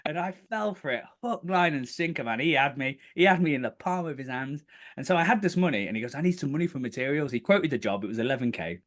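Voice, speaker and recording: A man, a guest on a podcast, telling his story in a casual, animated way and acting out the quotes. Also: quick pace. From United Kingdom. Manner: animated, acts out quotes in bursts of higher pitch. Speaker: podcast guest, property developer.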